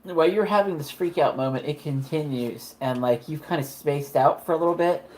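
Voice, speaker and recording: A woman's voice: low voice, brisk, a little mellow. A woman narrating a tabletop horror game as game master, casual and profane, with lots of "like" fillers.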